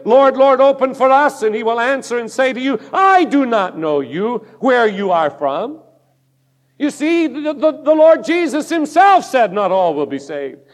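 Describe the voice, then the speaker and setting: A male pastor delivers a sermon in a notably high voice, declaiming each point with emphatic force. His words ring out with a long reverb, as if recorded in a large church sanctuary.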